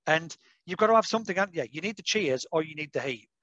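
Guy hosting, kinda high voice, dry muffled sound, keen. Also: expressive, a bit bright, no echo. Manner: enthusiastic, quick affirmations. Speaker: podcast host. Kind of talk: casual interview chat.

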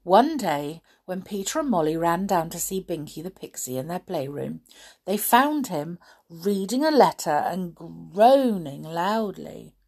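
A woman reading a children's story aloud, expressive, with dramatic hushes and gasps. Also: on the low side, a little slow, breathy edge.

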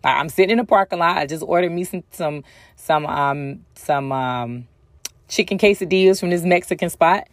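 A woman's voice: lowish voice, moderate pace, no room sound. A woman telling a personal story in a casual way, with lots of ums and acted-out bits of dialogue. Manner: chatty, frequent ums, acts out other people's lines.

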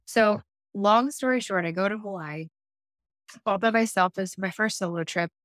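Female life coach, interview guest, lively storyteller, mid-pitched, dry recording. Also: normal speed, no echo. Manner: animated, acts out dialogue in her stories; frequent self-restarts and fillers.

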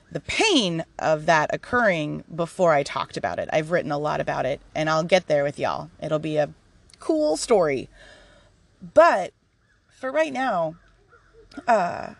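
A woman's voice: deep voice, creaky, no echo. A woman hosting a podcast in a casual, candid monologue, laughing often as she shares. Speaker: podcast host.

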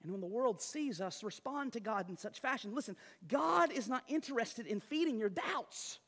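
A high-voiced pastor preaches with emphatic, conversational energy and frequent asides. His voice rings out with the long reverb of a big hall. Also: animated, normal speed, a bit bright. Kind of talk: sermon.

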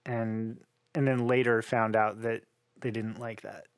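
Brief: male interview guest, lively storyteller, dry close recording. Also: on the low side, measured pace, clear, resonant tone, no room sound. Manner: animated, laughing storyteller.

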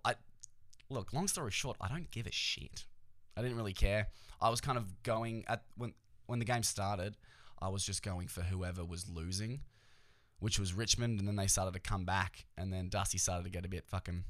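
Australian man, lowish voice, casual podcast host, rambling, profane, jokey asides. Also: fairly even intonation, moderate pace. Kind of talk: casual solo podcast chat.

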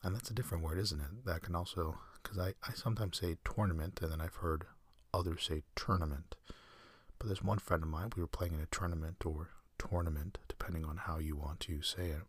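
Very deep breathy half-whispering man. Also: fairly even intonation, dry recording. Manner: slow, meandering, dryly self-mocking. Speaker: sleep podcast host. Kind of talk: rambling whispered bedtime monologue.

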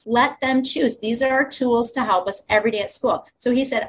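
A woman's voice: fairly high pitch, normal speed, slight background noise, low-quality recording. A woman teacher speaking as a podcast guest, telling classroom stories with enthusiasm. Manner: enthusiastic storyteller, acts out children's voices. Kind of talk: conversational podcast interview.

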